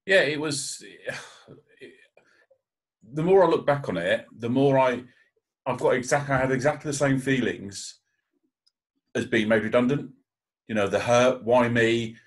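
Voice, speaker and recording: A man's voice: medium pitch, measured pace, pauses often. A man, likely in his thirties, speaking as a guest on a panel, telling a candid personal story with emotion and frequent restarts.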